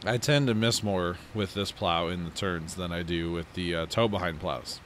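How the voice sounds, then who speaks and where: A man with a low voice talks through his farming game in a loose, rambling way, poking fun at his own slips. He sounds drowsy after a big lunch, and a faint hum of game machinery runs underneath. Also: fairly even intonation, normal speed, a bit bright. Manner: rambling, self-mocking, yawning. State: sleepy. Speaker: let's play host. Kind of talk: casual gameplay commentary.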